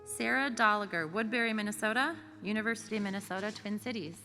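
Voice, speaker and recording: Bright-voiced woman announcing in a hall. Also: mid-range voice. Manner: reads names and hometowns slowly and evenly. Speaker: ceremony emcee. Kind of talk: formal ceremony announcing. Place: large auditorium. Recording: reverberant hall with faint music.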